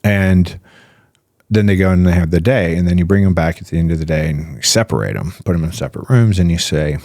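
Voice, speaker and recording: A physician guest on a podcast, a low-pitched man, explains ideas casually and animatedly, talking a little fast and piling up rhetorical questions and "right?" tags. His voice is recorded close and dry, with no echo or room sound.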